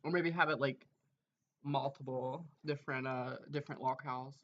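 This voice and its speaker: A streamer with a bright, sharp voice rambles through casual chat, piling up fillers and trailing off. The audio is dull and lo-fi. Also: mid-range voice, fairly even intonation, moderate pace, slight background noise.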